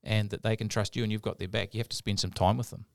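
A man's voice: on the low side, steady tone, quick pace, vocal fry, no room sound, studio quality. A man co-hosting a podcast, telling a story in a rambling, casual way with many fillers. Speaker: podcast co-host.

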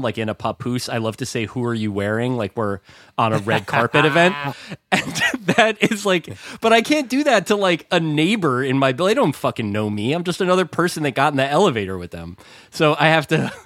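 A man co-hosting a chat podcast at a middle pitch, wry and a little rambling, with the odd casual curse. His voice is recorded close, with no room sound around it. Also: a bit bright, no echo. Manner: wry, discursive, swears casually. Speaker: podcast co-host.

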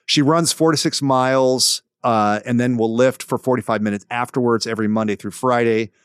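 A man hosting a podcast, reading a listener letter aloud with relaxed, joking asides. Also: mid-range voice, a little fast, clear, resonant tone, no room sound, clean studio sound. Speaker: podcast host.

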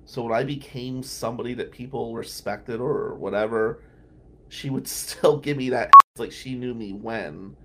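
A man's voice: medium pitch, a little slow, heavy background noise. A man from New Jersey, a podcast host and defense lawyer, telling casual, blunt stories in tribute. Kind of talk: storytelling tribute.

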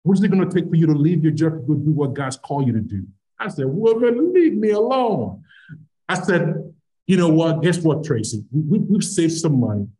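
A man's voice: a little high, fast talker, hardly any pauses. A middle-aged man from Nigeria, a podcast guest, telling a personal story and acting out the dialogue as he goes. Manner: animated storyteller who acts out quoted dialogue. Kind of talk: storytelling anecdote.

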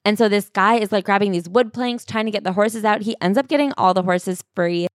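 A woman's voice: medium pitch, fairly quick, dry recording, clean studio sound. A woman co-hosting a casual book-review chat, talking in a loose, chatty way with lots of "like". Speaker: podcast co-host.

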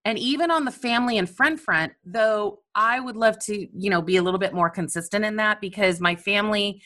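A woman coach talks openly in a personal monologue, animated and self-mocking. Her voice is bright and forward, at a middling pitch. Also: a little fast.

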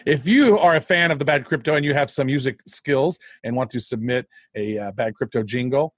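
A man's voice: mid-range voice, brisk, no room sound, studio quality. A man co-hosting a podcast, bantering and teasing the other host. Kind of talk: casual podcast chat.

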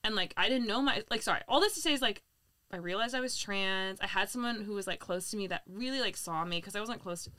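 Bright, rambling young comic. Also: female voice, mid-range voice, dry recording. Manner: rambling, lots of "like", fast restarts. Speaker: comedian guest. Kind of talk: casual podcast chat.

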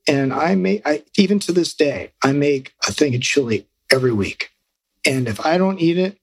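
Middle-aged male guest with a slightly high, husky voice, rambling and animated. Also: no echo. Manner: animated, rambling, quoting himself. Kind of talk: casual storytelling.

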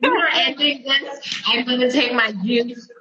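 Give me a gushing, warm woman hosting a casual online chat, in an echoey room. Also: high-pitched, fairly even intonation, unhurried, a loud crowd. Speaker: host. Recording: echoey room, dull lo-fi sound.

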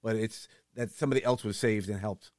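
A man's voice: on the low side, fairly even intonation, fairly quick, a little mellow, dry recording, clean studio sound. A man with a New York accent hosting an interview, talking in a rambling, chatty way. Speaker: interview host. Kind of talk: casual interview chat.

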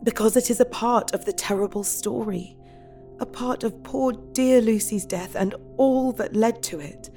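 A woman's voice: a little high, unhurried, warm tone, soft background music. An actress playing a compassionate, resolute young Victorian wife who narrates her journal and pleads earnestly, in an audio drama. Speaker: narrator and character.

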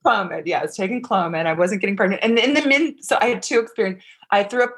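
A woman's voice: medium pitch, fast talker, breathy edge. Rambling, foul-mouthed middle-aged woman. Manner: rambling, profane, heavy use of "like". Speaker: guest. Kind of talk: casual interview storytelling.

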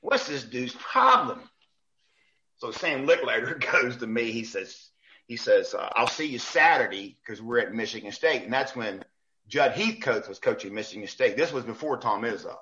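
Man, referee telling a story, lively, bright tone, lo-fi sound. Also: medium pitch, moderate pace. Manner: animated, acts out quoted coaches. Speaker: basketball referee guest. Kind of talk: casual storytelling.

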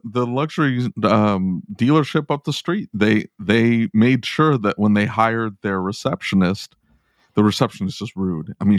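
A man hosting a podcast in a casual, chatty way, laughing between stories. His voice sits a little low and sounds close and dry, with no room around it. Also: no echo. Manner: chatty, laughs often, does quick voices. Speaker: podcast host.

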